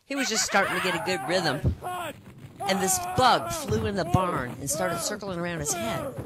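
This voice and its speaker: A joke teller telling folksy joke stories to a small group in a relaxed, animated way. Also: mid-range voice, moderate pace, a loud crowd. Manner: animated storyteller who laughs at their own punchlines.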